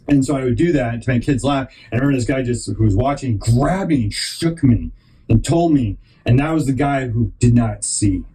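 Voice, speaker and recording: A man's voice: medium pitch, brisk, mellow, slightly rough, low-quality recording. A man hosting a podcast, telling a long rambling story and acting out other people's lines in put-on voices. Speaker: podcast host.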